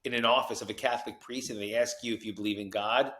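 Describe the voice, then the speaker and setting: A man from New Jersey, a podcast guest telling his story with animated energy and acted-out quotes. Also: on the low side, fast. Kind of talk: storytelling interview.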